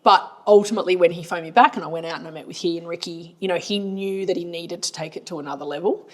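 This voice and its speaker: An Australian woman with a somewhat low voice chats casually on a business podcast. She is blunt and colloquial, and she strings her advice into stories. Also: fast talker. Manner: chatty storyteller, blunt and colloquial. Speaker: marketing agency owner and podcast co-host.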